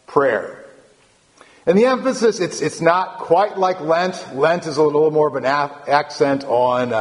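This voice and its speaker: Pastor preaching in a reverberant church. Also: male voice, medium pitch. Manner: conversational, with frequent restarts and rising emphasis. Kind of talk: sermon. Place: church sanctuary.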